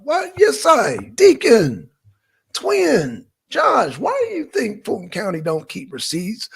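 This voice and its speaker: A man from Georgia with a Southern accent hosts a political livestream, chatting casually, speaking straight to viewers and giving shout-outs. His voice sits high and sounds gravelly and husky.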